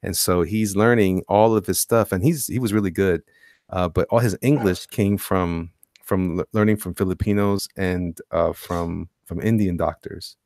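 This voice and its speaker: A man co-hosting a casual podcast chat, telling rambling, animated stories. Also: low voice, moderate pace, dry recording, studio quality. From Tampa, Florida. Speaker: podcast co-host.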